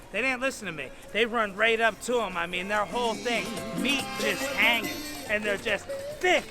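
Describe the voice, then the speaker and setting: A man telling a crude, rambling stand-up story in an animated way. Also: sits high, normal speed, few pauses, over music. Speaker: stand-up comedian.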